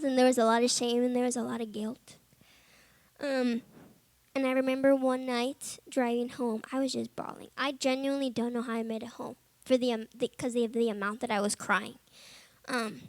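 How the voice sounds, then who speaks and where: A young woman, a Bible college student, giving a personal testimony to fellow students, informal and earnest with many "like"s and "um"s, growing quiet in heavy moments. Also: high voice, dry recording. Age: young adult.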